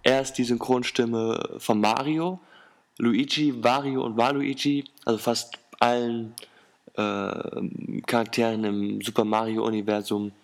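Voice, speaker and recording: A man's voice: mid-range voice, steady tone, unhurried, creaky. A man hosting a podcast, giving a casual, upbeat introduction to a special episode. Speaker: podcast host.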